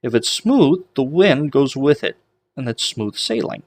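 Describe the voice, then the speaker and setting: A man's voice: mid-range voice, sing-song, a little slow, darkish tone. A man giving an online lesson on ancient Greek pronunciation, explaining in a chatty way with homemade memory tricks. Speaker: Greek teacher.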